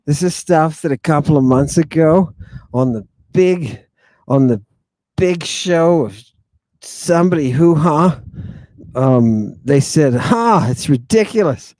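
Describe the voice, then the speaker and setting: Mellow-voiced man hosting a livestream. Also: fairly high pitch, takes it slowly, dry recording. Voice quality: repetitive, theatrical, addresses congregation. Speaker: livestream host. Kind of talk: casual livestream talk to viewers. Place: outdoors in the wind.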